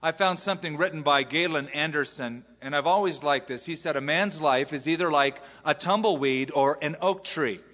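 American man, pastor, conversational sermon, bright voice, long hall reverb. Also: fairly high pitch, normal speed, hardly any pauses. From US West Coast. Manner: conversational, self-deprecating, with restarts. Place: large church hall.

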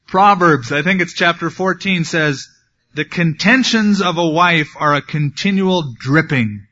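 Male pastor, slightly high voice, bright tone, casual Bible teaching with wry asides, dull lo-fi recording. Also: a little slow. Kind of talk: sermon.

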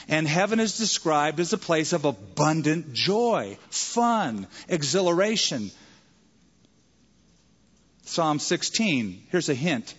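A man's voice: fairly high pitch, a bit bright, husky. A male pastor preaching a sermon in a conversational way, acting out the people he quotes. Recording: dull sound with long church reverb.

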